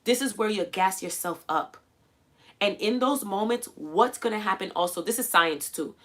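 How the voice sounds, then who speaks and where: A woman hosting a livestream, coaching viewers in a casual, animated way and acting out quoted voices as she goes. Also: medium pitch, moderate pace. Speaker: livestream host. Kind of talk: casual motivational livestream talk.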